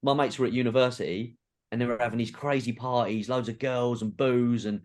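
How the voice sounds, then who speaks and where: A Geordie man in his thirties, speaking at a middle pitch as a podcast guest. He tells long, self-deprecating stories in a loose, rambling way, poking fun at his own efforts. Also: steady tone, brisk. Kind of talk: casual storytelling chat.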